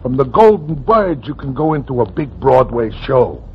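An actor playing a brusque, slangy theater owner in an old radio drama. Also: male voice, mid-range voice, very animated, moderate pace. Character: brusque gruff male theater owner, streetwise. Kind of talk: 1940s radio drama acting. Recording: dull old radio recording, faint hiss.

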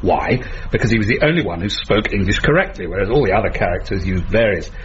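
A man plays a grumpy, pompous middle-aged writer in a radio comedy, pedantic and sardonic, his pitch rising and falling a great deal. It comes through a dull, lo-fi radio recording with faint hiss behind. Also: expressive, fast talker, lightly acted.

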